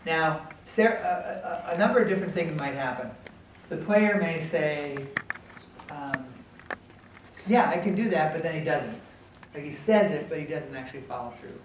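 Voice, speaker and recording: A man explaining positive coaching to an audience in a calm, patient way, with frequent pauses and ums. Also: a little high, a little hiss or hum. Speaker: speaker at a coaching workshop. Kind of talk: talk with audience Q&A. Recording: echoey hall, far from the mic.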